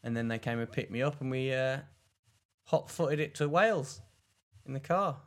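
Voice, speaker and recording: A young man from England chats on a podcast, his voice carrying a gravelly, creaky edge. He tells a rambling anecdote and acts out the voices of the people in it. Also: medium pitch, moderate pace. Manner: rambling storyteller, animated quoted voices. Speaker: podcast co-host. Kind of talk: casual chat.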